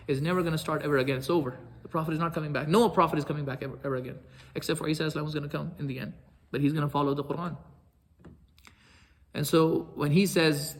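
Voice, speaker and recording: Fast-talking man giving an animated lecture. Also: fairly high pitch. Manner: animated, acts out quoted speech with sudden loud outbursts. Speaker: Islamic lecturer. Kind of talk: storytelling lecture.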